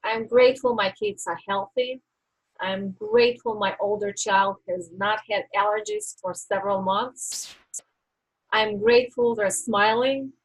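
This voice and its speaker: A woman life coach giving a live-stream coaching talk, teaching in a slow, deliberate way with reflective pauses. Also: a little high, big pitch swings, creaky, rough recording.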